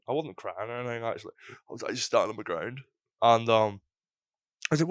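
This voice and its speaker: A man's voice: mid-range voice, quick pace, clean tone, dry recording, clean studio sound. A young man telling a rambling, sweary story in a casual podcast chat. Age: young adult. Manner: swearing, rambling, animated retelling. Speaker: podcast host.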